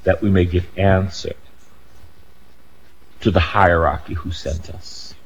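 An older man delivers a sermon in a low voice at an unhurried, deliberate pace. He presses emphatically on key phrases, sometimes rising to near shouts, then slips into casual asides and self-corrections. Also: steady tone, breathy edge, lo-fi sound. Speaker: preacher.

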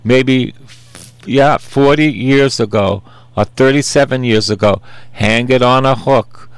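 A man's voice: mid-range voice, slow pace, smooth, no echo. A man in his sixties preaching a sermon in an earnest, conversational way, repeating simple refrains.

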